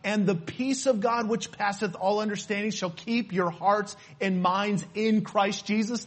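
A man preaching a sermon in an emphatic, animated way, repeating his key phrases. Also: high voice, measured pace, few pauses.

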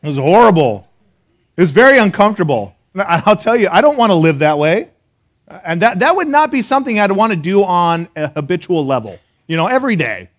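Before a live congregation at a church service, a pastor preaches as an animated storyteller, talking straight to his listeners with questions and laughing at his own jokes. His voice sits high and moves fairly quickly.

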